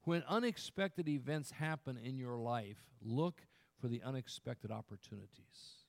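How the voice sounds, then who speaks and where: A man preaching a sermon, who swells loud to stress a point, then drops quiet and earnest, and often restarts words as he presses on. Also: mid-range voice, measured pace, vocal fry. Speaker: pastor.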